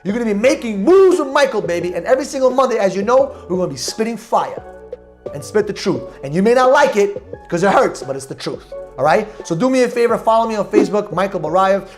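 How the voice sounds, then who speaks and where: A man hosting a motivational podcast, talking in a loud, emphatic, preachy way about energy and confidence. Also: high voice, lively intonation, quick pace, faint music behind. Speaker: podcast host.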